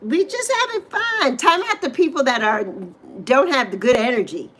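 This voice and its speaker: A middle-aged woman from the Virgin Islands hosts a casual livestream in a high, light voice. She chats and rambles, wanders off track, and greets viewers by name. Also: lively intonation, normal speed, fairly bright tone, slight background noise, low-quality recording. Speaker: livestream host.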